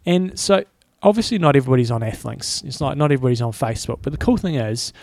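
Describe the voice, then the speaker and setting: A man with a gravelly, creaky voice chatting casually on a podcast. He rambles in a relaxed way and restarts his sentences often. The sound is close and dry. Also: medium pitch, fast, no room sound. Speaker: podcast co-host. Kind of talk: casual chat.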